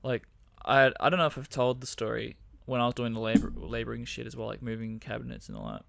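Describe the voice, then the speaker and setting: A man's voice: mid-range voice, lively intonation, quick pace, gravelly, heavy background noise. A young man, podcast co-host, chatting casually and telling his own work story with some swearing. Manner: laid-back, swears, backchannels often.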